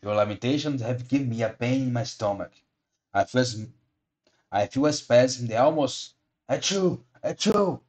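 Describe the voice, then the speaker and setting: A man reading a storybook aloud, voicing a gruff, bearded male puppet showman with a hoarse voice who speaks loudly and slowly. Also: natural voice. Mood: blustering. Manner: loud, slow, booming delivery with sneezes.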